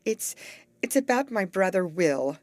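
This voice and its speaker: A woman voicing a tall teenage girl who is tearful and speaks in a faltering, halting way. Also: lowish voice, big pitch swings, a little mellow, dry recording, voice pushed up.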